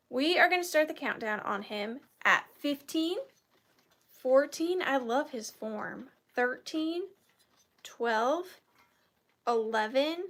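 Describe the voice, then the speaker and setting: Selling vintage items on a live stream, a chatty woman in her thirties jokes at her own expense and tears up easily. She has a high-pitched, slightly bright voice.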